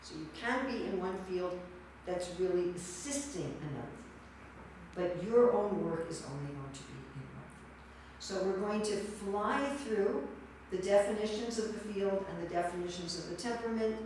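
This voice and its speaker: A woman's voice: fairly low pitch, moderate pace, few pauses, a little mellow, recorded from a distance, slight background noise. Woman lecturing in an echoey hall. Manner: quizzing the audience, repeating and judging their answers. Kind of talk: interactive class lecture.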